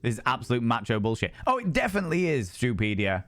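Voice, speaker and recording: A young man talks animatedly over a dating game he is streaming, reading lines aloud and swearing freely. His voice sits at a mid pitch in a dry, close sound with faint music behind it. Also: huge pitch swings, fast, fairly bright tone, no echo. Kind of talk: casual gameplay commentary.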